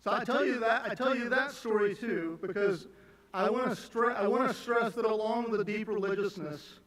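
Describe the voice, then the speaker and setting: A man speaking as a son giving a eulogy at a memorial. He is emotional and halting, restarting often between fillers. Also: high voice, a bit bright. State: emotional, on the edge of tears. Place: large church sanctuary. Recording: echoey church from a distance.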